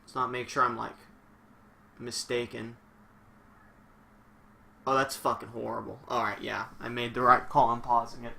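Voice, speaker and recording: A young man commentating a wrestling video game on a live stream, excitable and swearing a lot, shouting one moment and muttering the next. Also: mid-range voice, moderate pace, creaky, pauses often, slight background noise.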